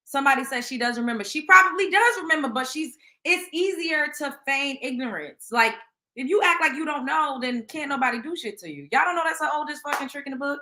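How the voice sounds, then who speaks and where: A woman hosting a gossip commentary show, profane and blunt, with an animated delivery. Her voice is high and bright. The room gives it a roomy echo. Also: brisk. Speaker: show host. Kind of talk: casual celebrity gossip commentary.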